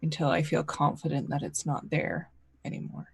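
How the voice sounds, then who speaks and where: A woman's voice: low voice, big pitch swings, normal speed, vocal fry, breathy edge, dry recording. A woman playing a tabletop role-playing game, thinking aloud hesitantly about her character's moves. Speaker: player.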